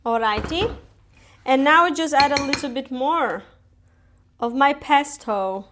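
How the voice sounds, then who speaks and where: A woman hosts a relaxed live cooking stream. Her voice sits high, and she chats loosely with viewers, giggling often at her own cooking. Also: takes it slowly, noisy background. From Italy. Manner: chatty and giggly, laughs often at herself. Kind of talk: casual live-stream chat while cooking. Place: home kitchen.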